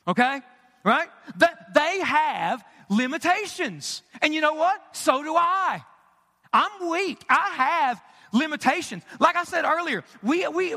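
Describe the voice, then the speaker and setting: A man's voice: very high voice, pushed and bright. A man preaching a sermon to his congregation, emphatic and conversational, with rhetorical questions and jokes. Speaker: pastor. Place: church sanctuary. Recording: long hall reverb.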